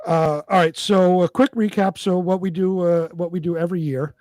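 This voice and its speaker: A man's voice: high-pitched, fairly even intonation, moderate pace, a little mellow, no room sound. A man co-hosting a casual live-stream chat show, talking hesitantly with many fillers while reading out lists. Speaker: co-host.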